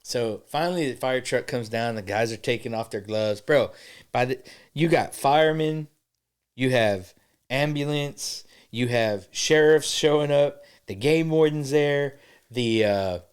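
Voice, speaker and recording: A man co-hosting a podcast, telling a story in animated, slangy casual chat and swearing freely. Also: medium pitch, measured pace, smooth. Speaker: podcast co-host.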